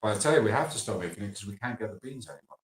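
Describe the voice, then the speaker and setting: A man's voice: fairly low pitch, lively intonation, very fast. A man who makes chocolate, chatting casually and telling stories in a loose, trailing way. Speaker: chocolate maker. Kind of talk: casual interview chat. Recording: echoey room with faint noise.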